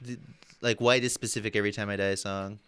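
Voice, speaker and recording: A man with a smooth, resonant, somewhat low voice hosts a casual talk about music. He talks loosely and thinks out loud, leaning on fillers as he circles toward his point. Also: fast talker. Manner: relaxed, hesitant, many fillers. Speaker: podcast host. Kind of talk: casual conversational chat.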